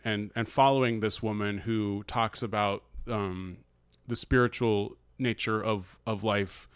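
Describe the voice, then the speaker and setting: A man's voice: on the low side, clear, resonant tone, no room sound, studio quality. A man talking things through in a casual, thoughtful way, hedging and restarting often with fillers. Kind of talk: casual conversational commentary.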